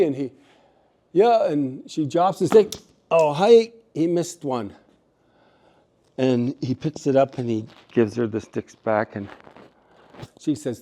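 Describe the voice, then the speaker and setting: Mellow-voiced man telling a story. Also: mid-range voice, unhurried, pauses often. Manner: relaxed, humorous, with jokey asides. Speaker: storyteller and speaker. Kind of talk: casual storytelling at a community gathering.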